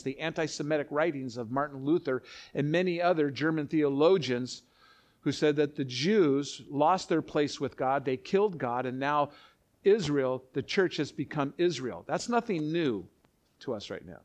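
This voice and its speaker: Male pastor, middle-aged, conversational sermon delivery with asides, slightly higher-pitched voice. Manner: animated, conversational preaching with asides and repetitions.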